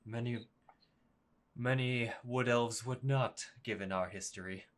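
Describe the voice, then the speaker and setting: A man's voice: medium pitch, a little slow, natural voice. A man voicing a stately male leader who speaks formally and courteously. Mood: gracious.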